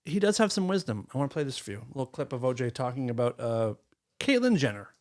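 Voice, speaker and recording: A podcast co-host speaking in casual chat with wry, blunt asides. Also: male voice, medium pitch, big pitch swings, quick pace, slight background noise.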